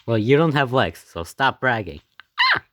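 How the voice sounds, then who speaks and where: A man giving casual reaction commentary on his own old animation, excitable and rambling, often laughing and gasping between thoughts. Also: mid-range voice, moderate pace, no echo. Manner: excitable and rambling, with many fillers, laughs and gasps.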